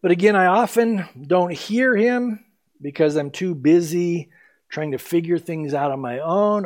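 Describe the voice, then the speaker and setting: A male pastor preaching a sermon, animated, acting out scripture quotes in his teaching. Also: high voice, unhurried.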